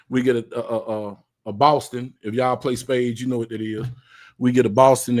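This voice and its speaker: A man's voice: medium pitch, a little mellow. A man hosting a casual live stream, talking in a loose, slangy way full of fillers. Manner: laid-back, slangy, filler-heavy talk. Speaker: livestream host.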